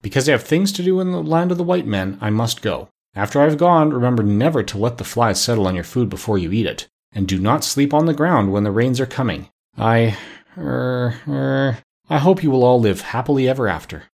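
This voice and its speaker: A man's voice: mid-range voice, lively intonation, brisk, gravelly, darkish tone. A man doing a mild, hesitant kindly doctor. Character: kindly absent-minded English country doctor.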